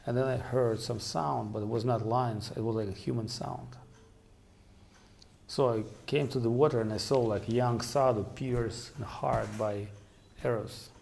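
A man telling devotional stories in a halting way with many fillers. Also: mid-range voice, steady tone, creaky, darkish tone, slight background noise. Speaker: storyteller. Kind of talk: devotional storytelling.

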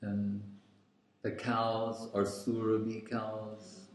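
A man giving a scriptural lecture as a spiritual teacher, speaking deliberately with many pauses and fillers. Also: on the low side, level tone. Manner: slow and deliberate, pausing with fillers. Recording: very echoey room.

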